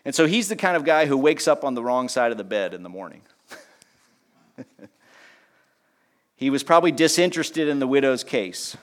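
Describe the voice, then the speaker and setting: Animated male preacher teaching scripture. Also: moderate pace, long pauses. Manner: lively teaching tone, pitch rising on key points and dropping low on asides; conversational, with small jokes and filler "uh"s. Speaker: pastor. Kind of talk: sermon.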